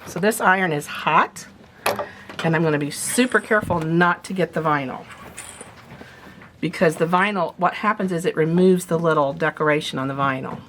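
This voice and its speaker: Chatty woman teaching sewing, low voice. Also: normal speed, fairly bright tone, a little hiss or hum. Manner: chatty, explains step by step while handling materials. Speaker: sewing instructor. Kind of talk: casual sewing demonstration.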